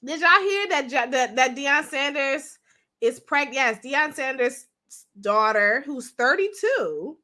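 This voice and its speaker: A woman's voice: high voice, sharp tone. A young woman hosting a livestream, chatting bluntly and profanely to her viewers. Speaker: livestream host. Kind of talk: casual livestream commentary.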